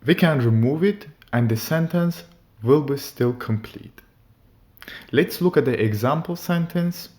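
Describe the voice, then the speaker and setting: Slow, deliberate male language teacher. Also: a little high, animated, a little mellow. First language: German. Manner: slow, deliberate, reads German examples carefully. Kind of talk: explaining grammar.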